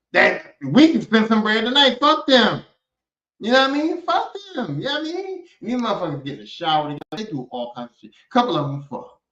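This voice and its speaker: A man hosting a podcast, ranting casually and profanely in an animated way, and slipping into other voices to act out people he quotes. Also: high-pitched. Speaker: podcast host. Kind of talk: casual comedic rant. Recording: echoey room, dull lo-fi sound.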